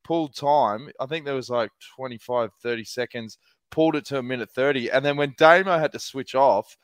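A man on a cycling podcast, telling a heated team-car story in excitable, sweary casual chat. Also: mid-range voice, brisk, clear, resonant tone, no echo. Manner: excitable and sweary, laughs often. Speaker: podcast co-host.

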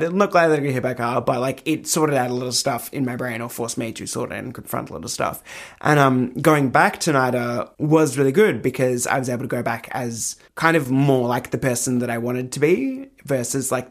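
A man's voice: medium pitch, creaky. A young man being interviewed as a guest. He tells candid stories in a chatty way, laughs often and acts out voices in his anecdotes.

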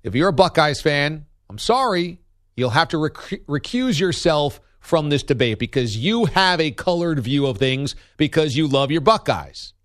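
A man's voice: fairly high pitch, very animated, measured pace, a bit bright, dry recording, studio quality. A man giving opinionated sports commentary as a radio host, emphatic and argumentative, hammering points with punchy repetition.

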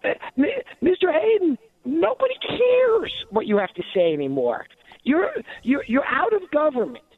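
A man's voice: very high voice, wildly swooping pitch, normal speed, narrow, tinny audio. A man giving indignant, sarcastic talk radio commentary, with many restarts and asides.

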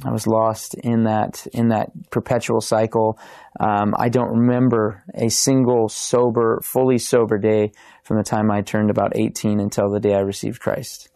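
A man's voice: on the low side, completely flat delivery, normal speed, gravelly, mellow, dry recording, studio quality. A man in his thirties, a podcast guest telling his faith testimony in an earnest, restart-filled storytelling way. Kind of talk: testimony in casual interview.

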